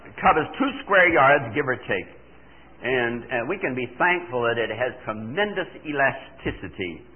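An older man preaching a sermon, animated and full of rhetorical questions, playing out his listeners' answers himself. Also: mid-range voice, normal speed. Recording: tinny phone-like recording.

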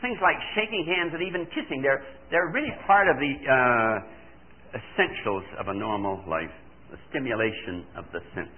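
An older man preaching a sermon, animated and full of rhetorical questions, playing out his listeners' answers himself. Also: medium pitch, normal speed. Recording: tinny phone-like recording.

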